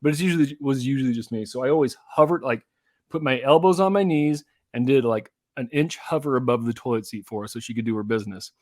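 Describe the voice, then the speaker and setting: A man in his thirties co-hosting a podcast, telling lively family stories in casual chat and acting out his kids' voices. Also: medium pitch, fast talker, no echo, clean studio sound. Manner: animated storyteller, acts out kids' voices. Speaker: podcast co-host.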